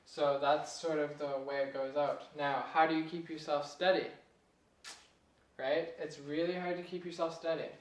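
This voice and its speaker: A young man giving a casual piano lesson, relaxed and chatty, chuckling at himself now and then. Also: fairly high pitch, normal speed, far from the mic. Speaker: piano teacher. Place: room with a piano. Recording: echoey room, voice off-mic.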